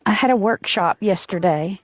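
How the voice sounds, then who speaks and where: A woman's voice: medium pitch, moderate pace, dry recording. A woman chatting casually on a livestream from a porch at dawn, making brief offhand remarks.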